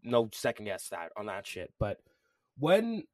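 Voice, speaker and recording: A man's voice: lowish voice, huge pitch swings, measured pace, a little mellow, no room sound, clean studio sound. A young man co-hosting a podcast, telling stories loosely in casual chat, full of "bro" and "like". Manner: loose storytelling, heavy on "bro" and "like". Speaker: podcast co-host.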